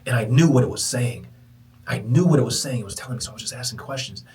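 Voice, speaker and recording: A man hosting a podcast, telling a personal spiritual story in a lively, preacher-like way. He moves between loud exclamations and hushed, whispered passages. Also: mid-range voice, fast, distant mic, slight background noise, rough recording. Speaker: podcast host. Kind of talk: motivational storytelling.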